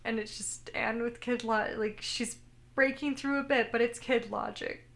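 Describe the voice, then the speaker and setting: Bright-voiced woman co-hosting a podcast. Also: on the high side, fairly even intonation, normal speed. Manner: retells scenes, quoting characters in her own voice. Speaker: podcast co-host. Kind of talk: casual chat recapping an anime.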